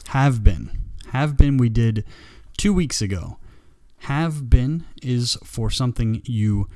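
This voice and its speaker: A man teaching a live English grammar lesson, patient and slow, repeating example sentences for learners. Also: medium pitch, lively intonation, darkish tone, no echo, studio quality. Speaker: ESL teacher.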